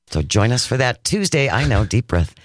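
Lively upbeat male radio co-host. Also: medium pitch, moderate pace, no room sound, studio quality. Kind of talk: morning talk radio banter. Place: radio studio. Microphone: studio microphone.

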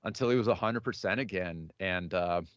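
A man in his thirties speaks in a very low voice and talks casually about his music. He hesitates often, full of fillers and restarts. The sound is dull and dry, with no room around it. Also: no echo. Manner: halting, many fillers and restarts. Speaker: musician guest. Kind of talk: casual interview answers.

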